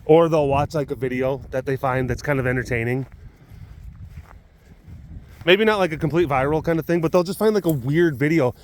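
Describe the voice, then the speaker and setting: A man's voice: fairly high pitch, a little fast, pauses often. A young adult man hosting a casual show, rambling and laughing between stories. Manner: rambling, laughs often, coos baby talk at a cat. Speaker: host. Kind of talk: casual chat.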